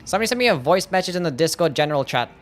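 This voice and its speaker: A man's voice: on the high side, lively intonation, very fast, a little hiss or hum. A man streaming a video game live, talking back to his chat in an exasperated way and swearing often. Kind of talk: live-stream commentary while playing.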